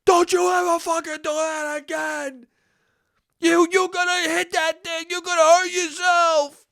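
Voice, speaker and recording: A man voicing his father, who yells at his young son in fright and anger. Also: extremely high pitch, level tone, measured pace, vocal fry, no room sound, clean studio sound, pitched above the performer's own voice, exaggerated voice. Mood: yelling. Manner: yelling, scolding.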